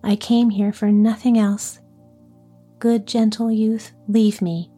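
A woman voicing a heartbroken young man in a storybook reading, soft and sorrowful. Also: medium pitch, flat delivery, slow, slightly rough, faint music behind. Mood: grieving. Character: heartbroken young male lover, gentle.

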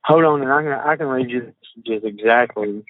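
A man, talking haltingly on a phone call and reading out text messages, with many fillers and restarts. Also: medium pitch, dry recording. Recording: tinny phone line, dry.

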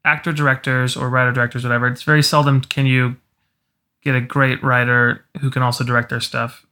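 Rambling man with a bright voice. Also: mid-range voice, flat delivery, a little fast, a little hiss or hum. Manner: rambling, full of filler words. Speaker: podcast co-host. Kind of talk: casual film chat.

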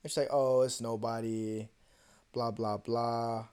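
A young man co-hosting a podcast, telling a personal story in a casual, profane and animated way and acting out the other voices. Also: mid-range voice, a little slow, clean tone. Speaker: podcast co-host.

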